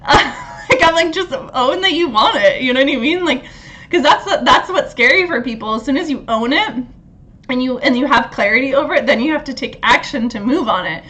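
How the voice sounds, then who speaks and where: A woman hosting a casual astrology talk, animated, laughing often and swearing freely. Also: sits high. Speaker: astrology host.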